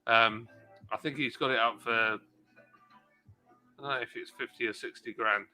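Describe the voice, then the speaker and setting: A man's voice: mid-range voice, fairly even intonation, moderate pace, bright, forceful tone, soft background music. A man co-hosting a casual livestream chat, talking in a laid-back way about a car a friend is selling. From United Kingdom.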